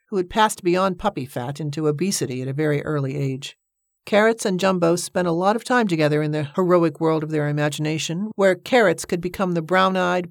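Measured woman narrating an audiobook. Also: low-pitched, dry recording, studio quality. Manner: measured, storytelling.

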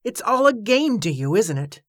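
Give me a bitter, heartbroken man speaking softly, as a woman narrator puts him on. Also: lowish voice, animated, moderate pace, no room sound, studio quality. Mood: angry. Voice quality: soft, sad and accusing.

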